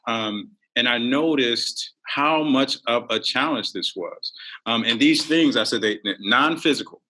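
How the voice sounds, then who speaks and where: A man guest on a podcast, an author telling stories in an animated way and acting out quotes with big jumps in pitch. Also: unhurried, low-quality recording. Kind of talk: animated storytelling.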